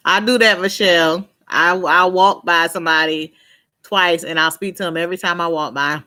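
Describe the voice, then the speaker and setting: A woman's voice: fairly low pitch, steady tone, normal speed, pushed and bright. A woman chatting casually on a live stream, laughing often, reading out and answering viewers' comments by name, and trailing off and restarting her sentences.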